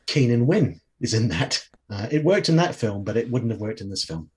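A man's voice: mid-range voice, lively intonation, moderate pace, a little mellow, slightly rough. A man chatting casually about old films as a podcast host, talking in a hesitant way with frequent restarts. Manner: conversational, hesitant restarts, trailing thoughts. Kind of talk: casual film discussion.

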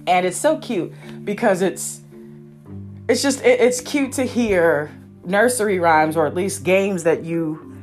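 A woman's voice: fairly low pitch, a little slow, a little mellow, faint music behind. A woman hosting a solo podcast, chatting casually and rambling off on tangents with frequent self-interruptions. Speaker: podcast host. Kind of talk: casual solo review chat.

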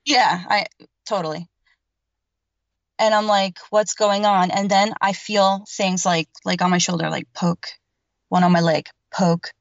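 With a fairly low, steady voice, vocal fry and an unhurried pace, a woman shares her paranormal story on a podcast, talking to an interviewer. Her telling is rambling and emphatic, thick with filler and swearing. The recording is dry, dead-roomed, a little dull and lo-fi.

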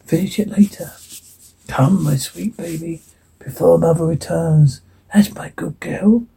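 A man voicing a creepy, menacing phantom father in a breathy whisper, as whispered role-play. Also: on the high side, measured pace, warm tone, full character voice. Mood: coaxing.

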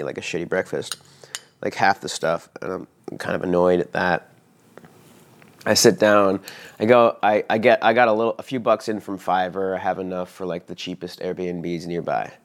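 A young man casually recounting a personal story, rambling with frequent fillers and swearing. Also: deep voice. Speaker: vlogger telling a personal story.

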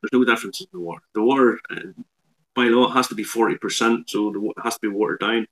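A man, a whiskey expert on a live online show, explaining in a measured way with dry humour. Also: lowish voice, fairly bright tone.

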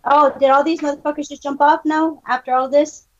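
A woman's voice: high-pitched, steady tone, a little fast. A woman co-hosting a podcast in casual chat, brash, boisterous and swearing freely. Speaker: podcast co-host. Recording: dull lo-fi call audio.

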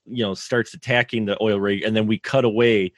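A man's voice: on the low side, fairly even intonation, fairly quick, no room sound. A man co-hosting a casual movie podcast, enthusiastic and rambling. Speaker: podcast co-host. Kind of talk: casual movie review chat.

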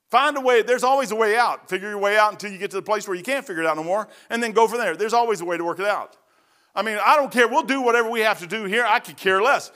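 An older man, a pastor telling folksy stories in a sermon, rambling and swinging from loud to hushed. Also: high voice. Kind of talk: storytelling sermon.

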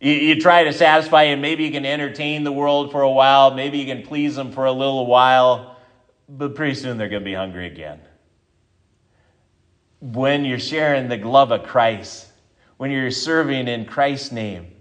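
Man, middle-aged pastor, conversational sermon, even middle voice. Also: mid-range voice. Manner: conversational preaching, ending in a soft prayer.

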